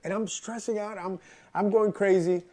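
Man, preacher, casual sermon, earnest, emphatic repetition, a little high-pitched. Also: steady tone, normal speed, darkish tone. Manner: earnest, storytelling, repeats phrases for emphasis. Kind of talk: conversational sermon.

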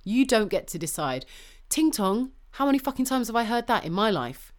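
A woman's voice: a little high, a little fast. A woman co-hosting a podcast, talking heatedly and swearing freely as she makes her points. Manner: swears freely, passionate and animated. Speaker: podcast co-host. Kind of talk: heated casual conversation.

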